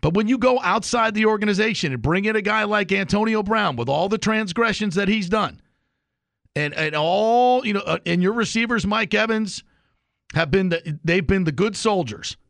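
A man's voice: high-pitched, expressive, moderate pace, gravelly, a bit bright, no room sound. A man hosting a sports talk radio show, delivering an opinionated, emphatic monologue.

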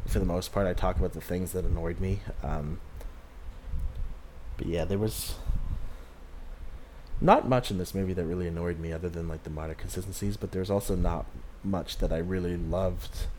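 A man's voice: deep voice, steady tone, normal speed, pauses often, darkish tone, slight background noise. A young man giving a casual, rambling movie recap, chatty and full of filler words and little chuckles. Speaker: movie reviewer.

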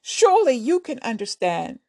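A woman's voice: fairly high pitch, very animated, normal speed, dark tone, no room sound, clean studio sound. A woman voicing a brave young male warrior who speaks earnestly and pleadingly in a told story.

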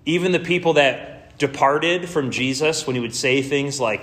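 A man's voice: medium pitch, normal speed, few pauses, a bit bright. A man preaching a sermon as pastor, in a casual, conversational way with slangy asides.

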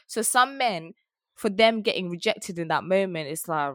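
A young woman, telling a story in a frank, animated way while chatting as a podcast co-host. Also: on the low side, moderate pace, dry recording, studio quality. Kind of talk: casual chat.

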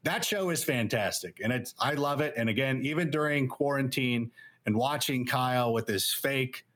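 A man being interviewed on a podcast, telling stories in a rambling, animated way with lots of fillers. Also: mid-range voice, normal speed. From Los Angeles area. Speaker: guest analyst. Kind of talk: casual interview chat.

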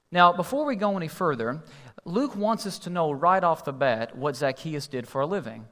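A man's voice: on the high side, fairly bright tone. A male pastor preaching a sermon in a conversational, storytelling way with humor, heard in an echoey hall.

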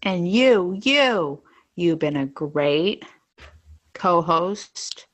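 Slow-talking, low-pitched playful woman. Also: expressive. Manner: playful, teasing, unhurried. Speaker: podcast co-host. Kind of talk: casual chat.

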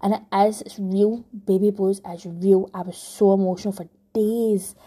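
Young Scottish mum for a vlog: mellow, slightly breathy voice, candid and rambling, often restarts her sentences. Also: mid-range voice, steady tone, normal speed. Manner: rambling, heartfelt, frequent restarts. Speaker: vlogger, new mum. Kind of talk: candid personal storytelling.

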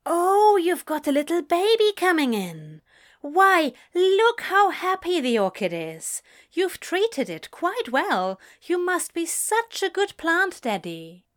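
A woman's voice: high-pitched, a little slow, few pauses, pitched above the performer's own voice. A woman voicing a bubbly female plant-shop owner in a story reading, gushing and cooing. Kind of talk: audiobook character voice.

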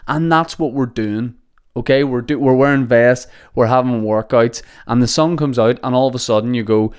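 A man's voice: mid-range voice, normal speed, smooth. A young man hosting a podcast, rambling and joking with plenty of swearing. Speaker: podcast host. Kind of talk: casual comedic monologue. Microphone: podcast microphone.

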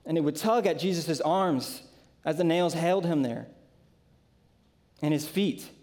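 A male pastor preaching with a somewhat high-pitched voice. He delivers slow, emphatic lines, lingering on dramatic phrases. He moves from vivid scripture retelling to relaxed personal storytelling. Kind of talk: sermon.

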